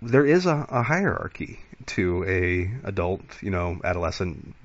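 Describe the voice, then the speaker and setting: A man with a fairly low voice, hosting a casual talk. He thinks out loud at length and fills his pauses with "you know" and "um." The sound is dull and lo-fi. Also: very animated, dry recording. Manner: reflective, with many fillers like "you know". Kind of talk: casual discussion.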